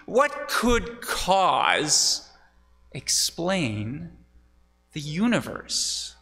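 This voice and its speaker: Man, pastor, sermon, slow delivery, gravelly, long church reverb. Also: fairly high pitch, fairly bright tone. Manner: teaching, asks the congregation questions. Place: church sanctuary.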